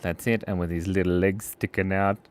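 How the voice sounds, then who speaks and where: A man's voice: deep voice, steady tone, brisk, smooth. An Australian man hosting a playful live drawing stream for kids, joking with viewers as he draws. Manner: playful, jokey, chatting to viewers while drawing. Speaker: art stream host.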